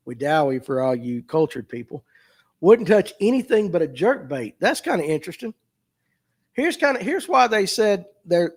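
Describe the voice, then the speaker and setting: A middle-aged man, hosting a live fishing talk show and chatting casually as he reads out viewer comments and jokes about them. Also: a little high. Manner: folksy, joking, reads comments aloud and riffs on them. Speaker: host of a fishing talk stream.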